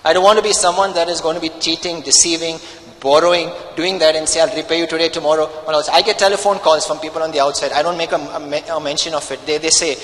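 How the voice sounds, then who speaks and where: A man's voice: fairly high pitch, steady tone, fast talker, fairly bright tone, big-room sound, poor audio. A man preaching a sermon as pastor, emphatic and full of rhetorical questions.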